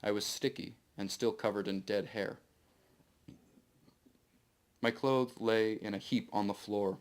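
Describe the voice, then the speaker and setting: A man reading his own novel aloud to a live audience in steady first-person narration. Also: on the low side, unhurried.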